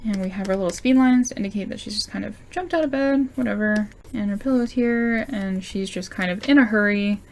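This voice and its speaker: A woman's voice: medium pitch, a little fast, hardly any pauses. Chatty woman teaching comic layout. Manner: chatty, explains while sketching, many fillers. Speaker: comic art tutor. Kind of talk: casual drawing tutorial.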